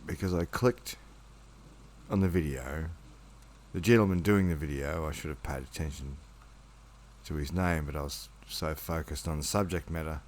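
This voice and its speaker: A man hosting his own channel, talking calmly and unhurriedly in a relaxed late-night monologue at home before reading his poetry. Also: a bass voice, a little hiss or hum. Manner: calm, unhurried, rambling.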